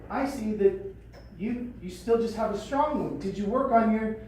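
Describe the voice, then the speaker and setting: A woman's voice: fairly high pitch, moderate pace, a little mellow, a little hiss or hum, natural voice. A woman playing an encouraging male coach. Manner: coaxing, instructive. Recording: echoey room from a distance.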